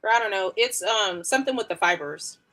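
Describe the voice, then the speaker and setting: A woman in her thirties talks through a wig install on a live stream from home. Her voice is bright and forward, and she rambles casually with plenty of slang and easy laughter. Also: medium pitch, fairly quick. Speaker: beauty livestreamer.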